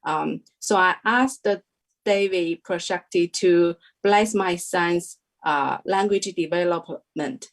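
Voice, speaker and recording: A young adult woman giving a halting interview testimony, full of fillers and restarts. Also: on the low side. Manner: hesitant, many fillers and restarts. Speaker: devotee sharing a testimony.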